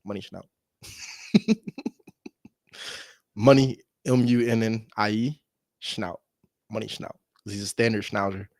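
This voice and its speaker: A man with a fairly low voice chats casually to his viewers between cold calls from home. He talks fast but makes a point of pausing when he is on the phone. The recording is close and dry, with no room sound. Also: a little mellow, no room sound. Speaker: real estate wholesaler. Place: at home with his dog nearby.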